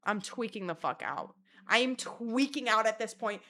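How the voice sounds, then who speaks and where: A young woman telling a story in a vlog, animated, dramatic and full of swearing. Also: a little high, moderate pace.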